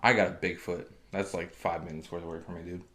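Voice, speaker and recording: 低沉的男声，房间有回声. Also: male voice, low voice, level tone, fast, sharp tone, reverberant. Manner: profane, blunt storytelling. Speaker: podcast co-host. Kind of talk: casual podcast banter.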